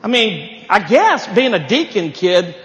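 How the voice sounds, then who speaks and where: High bright voiced comic guy from appalachia, folksy stand-up, echoey hall, crowd murmur. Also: sing-song, a little slow. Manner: folksy storytelling with punchy asides. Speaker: stand-up comedian. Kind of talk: stand-up comedy set. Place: live venue.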